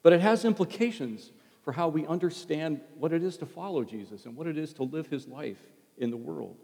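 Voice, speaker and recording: A man preaching a sermon as a pastor, in a conversational tone that drops to a hush on quoted words. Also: fairly high pitch, animated, brisk, creaky. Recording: long hall reverb.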